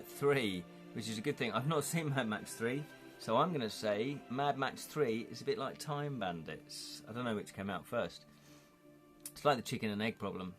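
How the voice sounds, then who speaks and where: A man hosting a live gamebook stream, chatting and rambling between passages and reading out viewer comments. His voice sits at a middling pitch for a man. Faint music plays underneath. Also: a bit bright. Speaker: streamer running an interactive gamebook.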